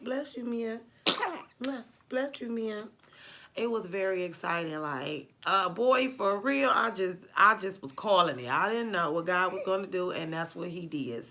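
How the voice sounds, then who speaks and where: A woman's voice: deep voice, fairly bright tone. A woman, talking casually to camera as a vlogger, chatty and laughing often as she acts out what others said.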